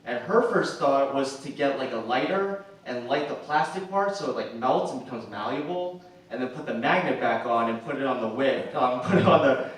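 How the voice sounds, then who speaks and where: A man's voice: medium pitch, lively intonation, moderate pace. A young man doing a stand-up comedy set, talking casually with lots of fillers and acting out other people's lines. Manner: conversational, acts out quoted voices, frequent "like" fillers. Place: theatre stage with audience laughing. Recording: roomy echo, distant mic, faint noise.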